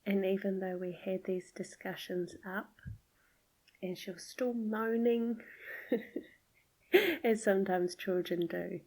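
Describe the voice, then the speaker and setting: A middle-aged woman hosting a podcast, gently telling a personal story in a soft, often half-whispered voice. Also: mid-range voice, steady tone, takes it slowly, long pauses, rough recording. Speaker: podcast host.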